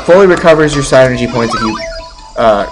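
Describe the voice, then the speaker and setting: A man doing casual let's play commentary at a middle pitch, dry and sarcastic, poking fun at what's on screen. Game music plays clearly under his voice. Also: expressive, fairly quick, low-quality recording. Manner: sarcastic, mocking the game dialogue in silly voices.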